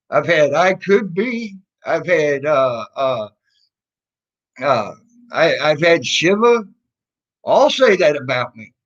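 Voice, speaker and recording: Guy on a livestream, high-ish voice, slow and rambly, taunting sarcastic tone, kinda muffled audio. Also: fairly bright tone. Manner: mocking, sarcastic, rambling with restarts. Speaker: livestream host. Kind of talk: casual livestream talk. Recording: dull lo-fi stream audio.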